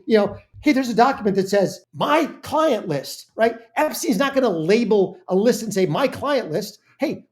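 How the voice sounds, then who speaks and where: A woman's voice: a little high, mellow. Brief: woman host of a reaction channel, indignant and emphatic, stumbles and restarts often. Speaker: political commentary host. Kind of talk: reaction commentary.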